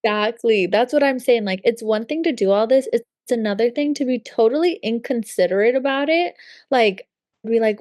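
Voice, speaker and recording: Young woman cohost, kinda high voice, emphatic, says like a lot, dry sound. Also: moderate pace, a little mellow, no room sound. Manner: emphatic, agreeing, lots of "like". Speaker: podcast co-host. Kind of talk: casual chat.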